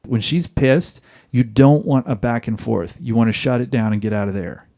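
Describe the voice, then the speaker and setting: This podcast host gives marriage advice in a mellow, medium-pitched voice at a moderate pace. He talks emphatically and with humor, frequently acting out both parts of a dialogue.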